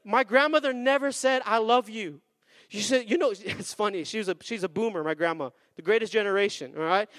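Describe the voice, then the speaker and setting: A male pastor delivers an energetic sermon, his voice sitting unusually high for a man. He drives home points with call-and-response and slows down on key phrases. The sound is dry and close, with little room around it. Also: no room sound. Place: church sanctuary.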